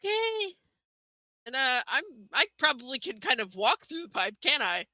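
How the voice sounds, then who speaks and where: A woman in a tabletop game session with a bright, forceful voice, chatting in a friendly way. Her pitch runs a little high, and the sound is dry and close. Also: animated, brisk, no room sound. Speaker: player.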